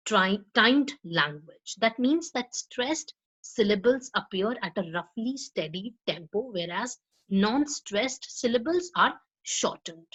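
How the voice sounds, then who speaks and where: A woman's voice: fairly high pitch, fairly bright tone, poor audio. Woman teacher, Indian English accent, recorded lecture, lots of fillers, repeats words, stresses syllables on purpose. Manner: explains slowly with frequent fillers and repeated words; models pronunciation with deliberate stress. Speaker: law college English teacher.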